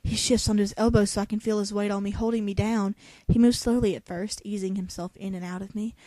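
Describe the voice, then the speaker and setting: A woman's voice: mid-range voice, steady tone, quick pace, mellow, no echo. A young woman reading a novel aloud in a dramatic voice, breaking off for sarcastic jokes. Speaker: reader.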